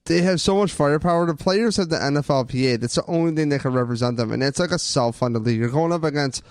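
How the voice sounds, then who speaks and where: A man's voice: fairly high pitch, fast talker, dry recording, studio quality. A man co-hosting a sports podcast, ranting with lots of swearing in casual chat. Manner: profane, ranting, animated. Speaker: podcast co-host.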